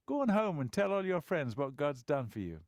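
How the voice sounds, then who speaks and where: A man's voice: a little high, sing-song, normal speed, no room sound, clean studio sound. A man voicing a commanding male leader in an audiobook, firm and dryly humorous. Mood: brisk. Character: commanding male teacher, brisk and wry. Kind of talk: audiobook character voice.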